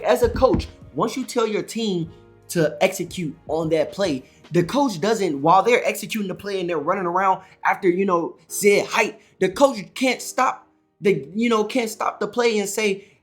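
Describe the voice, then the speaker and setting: A man's voice: high-pitched, normal speed, soft background music. A man who runs a trading channel, talking to camera in a loose, rambling way, full of "all right" and "you know" and restarts, a little wired after a big coffee. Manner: energetic, rambling, self-correcting, says "all right" and "you know" a lot. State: amped up on coffee. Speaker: day trading YouTuber. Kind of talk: casual to-camera trading advice.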